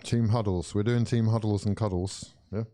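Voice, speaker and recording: Low, mellow-voiced excitable young man. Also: moderate pace. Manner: excitable, exclaiming, chatting to viewers. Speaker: watch-along streamer. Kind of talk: live football watch-along commentary.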